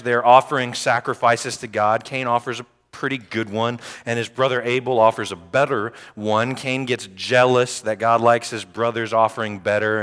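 Joking pastor preaching in a reverberant hall. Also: male voice, mid-range voice. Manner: lively, joking asides to the congregation. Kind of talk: sermon. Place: church sanctuary.

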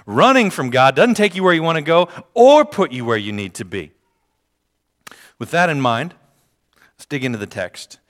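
A man's voice: mid-range voice, fairly bright tone. A man preaching a sermon, reading scripture aloud and repeating key phrases for emphasis. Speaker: pastor. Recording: long hall reverb.

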